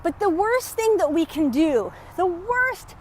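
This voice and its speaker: A woman's voice: very high voice, very animated, measured pace, slight background noise. A woman business coach chatting on a live stream while walking home outdoors, upbeat and a little out of breath, often greeting her viewers. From Texas. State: slightly out of breath.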